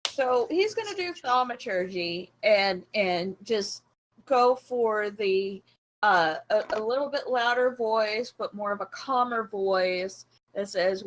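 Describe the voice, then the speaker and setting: A woman's voice: medium pitch, expressive, slow pace, rough recording. A woman playing a tabletop game, casual and trailing off mid-thought. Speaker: player.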